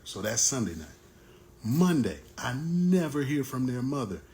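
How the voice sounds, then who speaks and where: Guy telling his own story on camera, plain talk, mid-pitched voice, keeps hammering the same point. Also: big pitch swings, measured pace, a little mellow. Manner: plain-spoken, conversational, repeats points for emphasis. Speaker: vlogger recounting his divorce. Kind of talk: casual personal storytelling.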